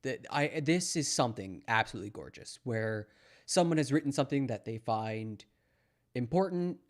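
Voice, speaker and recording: A man's voice: medium pitch, animated, normal speed. A young man from Canada commenting casually on news clips, sarcastic and mocking, rambling with lots of fillers. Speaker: streamer reacting to news clips.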